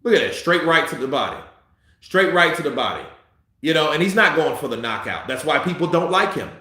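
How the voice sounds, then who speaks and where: A man giving profane, heated live commentary on a boxing fight, a little tipsy, swinging between muttering and shouting. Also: on the high side, sing-song, a little fast, heavy reverb.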